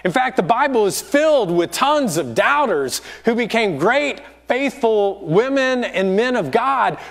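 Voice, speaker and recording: High, lively male pastor preaching. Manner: storytelling, acting out quoted voices. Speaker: lead pastor. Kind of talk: sermon. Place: church auditorium.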